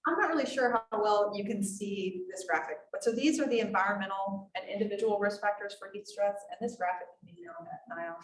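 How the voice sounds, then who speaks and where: A woman's voice: mid-range voice, a little fast, hardly any pauses. A woman giving a workplace safety presentation, talking conversationally and putting questions to the audience. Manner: conversational, asks the room questions. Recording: echoey room, mic at a distance, faint noise.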